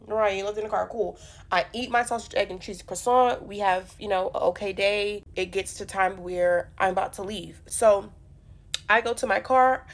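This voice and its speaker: A young woman telling a funny personal story in a casual storytime vlog, animated and profane, with punchy delivery. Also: medium pitch, moderate pace. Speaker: storyteller vlogger.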